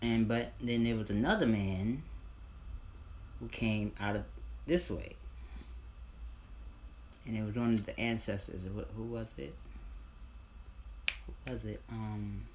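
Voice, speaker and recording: A man telling a casual storytime, rambling and repeating himself, with loud bursts of excited disbelief. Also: mid-range voice, slow, long pauses, slight background noise.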